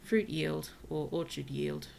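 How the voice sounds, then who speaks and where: A tired woman streamer gently chatting with her viewers during gameplay, softly spoken and often dropping to a whisper. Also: deep voice, slow, creaky, a little hiss or hum. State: tired, yawning. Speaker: virtual streamer. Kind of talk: casual gameplay commentary to chat.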